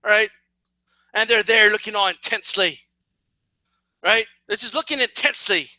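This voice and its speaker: High-pitched, bright, profane male ranter. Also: moderate pace, no room sound. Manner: profane, animated, keeps asking "right?". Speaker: vlogger. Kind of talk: casual comedic rant.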